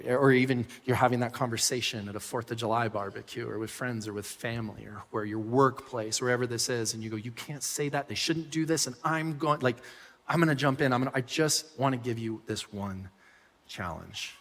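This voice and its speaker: A man preaching a sermon as pastor, telling stories with animated swings from loud bursts to soft asides. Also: medium pitch, brisk, long reverb tail. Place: church hall.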